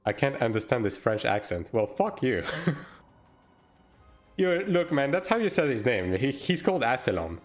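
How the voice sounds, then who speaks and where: Here a man provides live-stream gaming commentary, talking to chat while he plays in a casual, profane manner. He has a mid-range voice with big pitch swings, speaking fairly fast with few pauses, and faint music can be heard behind him.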